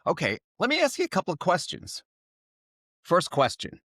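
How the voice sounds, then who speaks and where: Upbeat male podcast host, lively pitch. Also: normal speed, husky, no room sound, studio quality. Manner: upbeat, encouraging interviewer. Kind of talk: interview questions.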